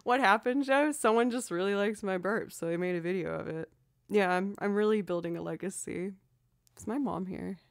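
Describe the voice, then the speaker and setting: At home on a livestream, a violinist and singer from the Boston area chats and giggles in a Boston accent while fighting a lingering cold, often poking fun at herself. Her medium-pitched voice has vocal fry and a moderate pace. The sound is clean studio quality with no room sound.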